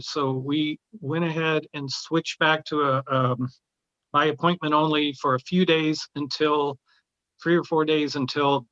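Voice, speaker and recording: Gallery-owner guest, man, somewhat high voice, hesitant delivery with frequent restarts, dull dry recording. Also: pushed and bright, dry recording. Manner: hesitant, many restarts and fillers. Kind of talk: conversational discussion.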